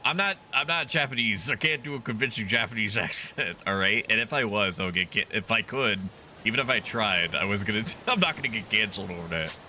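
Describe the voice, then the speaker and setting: A man's voice: fairly low pitch, animated, a little fast, sharp tone, slight background noise. Laid-back swearing male game streamer. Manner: chatty, laughing, swears freely. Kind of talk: casual live gameplay commentary.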